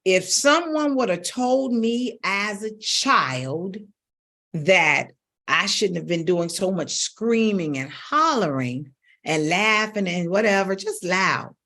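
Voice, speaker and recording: A woman's voice: on the low side, sing-song, a little slow, a bit bright. A middle-aged woman vocal coach teaching to camera in an emphatic, coaxing way that repeats phrases for stress. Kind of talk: instructional talk to camera.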